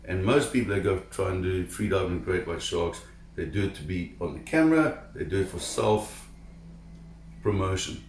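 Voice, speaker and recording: A man telling a personal diving story to camera in an animated, emphatic way, repeating words when excited. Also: low-pitched, moderate pace, roomy sound, slight background noise. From South Africa. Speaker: shark diver telling a story.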